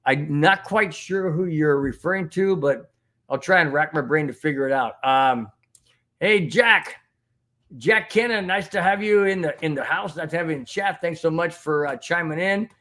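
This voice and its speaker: A man hosting a fan podcast into a microphone, his voice sitting a bit higher than most men's. He rambles with indignation, repeats himself and restarts his sentences as he works through chat messages. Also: moderate pace, bright, forceful tone. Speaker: podcast host reading live chat. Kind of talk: heated sports recap with chat.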